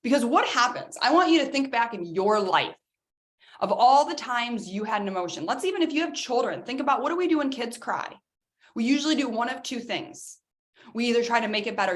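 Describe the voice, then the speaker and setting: A woman's voice: a little high, brisk. Emphatic woman coaching an online workshop. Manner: energetic, emphatic, addresses listeners as guys. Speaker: wellness coach. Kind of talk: workshop talk to an online audience.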